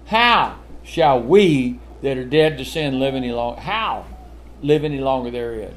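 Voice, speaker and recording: An older man preaching a sermon, animated and full of rhetorical questions, with chuckling asides. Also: mid-range voice, a little slow, a little hiss or hum.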